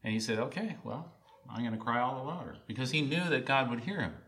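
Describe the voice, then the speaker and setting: A man preaching a sermon in an earnest way, often repeating lines and rising to loud, emphatic calls. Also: medium pitch, expressive, quick pace.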